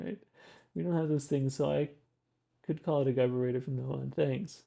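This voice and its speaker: Brief: Western Canadian male streamer, gravelly, halting, rambling chat. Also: medium pitch, dark tone. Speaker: streamer reacting to clips. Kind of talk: casual live-stream commentary.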